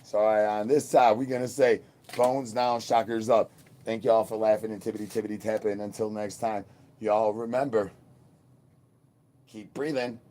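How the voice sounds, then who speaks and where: A man hosting a phone livestream in a crude, slang-heavy ramble, repeating rhyming catchphrases and swinging between loud bursts and low mutters. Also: fairly even intonation, normal speed. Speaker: livestream host. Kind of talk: rambling live stream chat.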